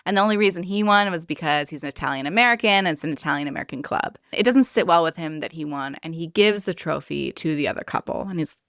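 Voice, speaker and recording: A woman's voice: deep voice, fast talker, few pauses, dry recording, studio quality. A woman co-hosting a podcast, casually retelling film scenes and voicing the characters' lines. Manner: expressive, retells scenes with acted-out quotes. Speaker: podcast co-host.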